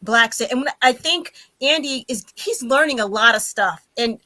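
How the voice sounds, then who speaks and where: A woman dropping into a casual group chat, speaking earnestly and haltingly, often restarting her points. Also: fairly high pitch, animated, pushed and bright. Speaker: guest joining the chat.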